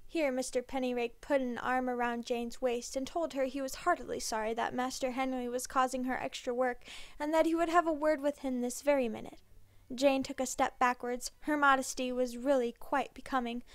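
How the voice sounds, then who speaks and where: A woman reading a dark Christmas story aloud as narrator, with expressive storybook delivery. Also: high-pitched, normal speed, no echo. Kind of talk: scripted narration. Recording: dry close mic with background music.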